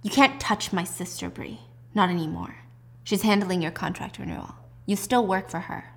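A woman voicing a cold, menacing male crime boss who speaks in low, clipped threats. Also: moderate pace, creaky.

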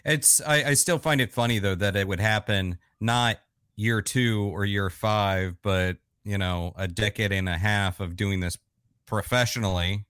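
Smooth, low-voiced male interview host. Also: a little slow, a bit bright, dry recording, clean studio sound. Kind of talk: casual interview.

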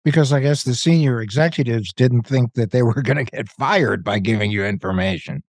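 A man's voice: medium pitch, a little fast, no room sound, clean studio sound. A man co-hosting an interview with wry, joking remarks. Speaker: co-host. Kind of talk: casual interview chat.

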